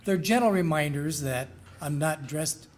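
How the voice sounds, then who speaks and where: Middle-aged school administrator, slightly high voice, rambling, faint room noise. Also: male voice, a little slow. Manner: folksy, rambling, self-deprecating. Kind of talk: ceremony introduction speech.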